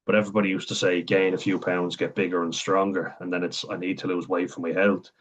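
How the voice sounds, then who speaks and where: A man's voice: low voice, flat delivery, fast, breathy edge. A young Irish man with a Wexford accent, rambling frankly in a personal vlog monologue, swearing freely and laughing between thoughts. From Ireland. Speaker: vlogger. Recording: dull lo-fi sound.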